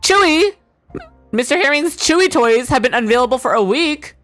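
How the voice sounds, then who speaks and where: A woman's voice: high-pitched, animated, normal speed, a bit bright, soft background music, voice pushed up. A woman voicing an eager pet butler creature that yelps out urgent news. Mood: flustered.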